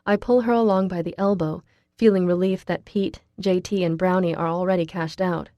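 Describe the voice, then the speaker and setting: A woman narrating a novel in first person, reading in a quiet, measured way. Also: lowish voice, fairly even intonation, no room sound, clean studio sound. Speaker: audiobook narrator.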